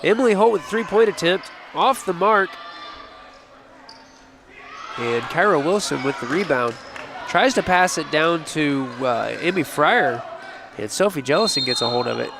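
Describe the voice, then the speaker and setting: A man calling a basketball game play by play, his voice sitting a little high for a man. He keeps pace with the action and names every pass and foul. Ball bounces and gym noise sound clearly behind him. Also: animated. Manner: brisk, calls each play as it happens, laughs easily. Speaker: play-by-play announcer. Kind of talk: live basketball play-by-play commentary. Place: high school gym broadcast table.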